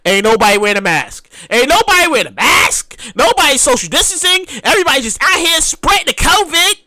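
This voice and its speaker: A man's voice: extremely high pitch, a little fast, no room sound. A man hosting a podcast, ranting in a casual, profane way and mimicking other people as he talks. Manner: animated, profane, mimics partygoers. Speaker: podcast host.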